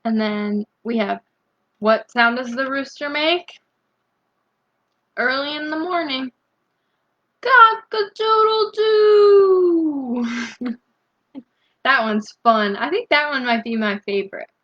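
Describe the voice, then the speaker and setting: A woman reading a picture book aloud as a bedtime story, gently asking young listeners questions between the pages. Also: fairly high pitch, a little slow, dull audio. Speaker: storybook reader.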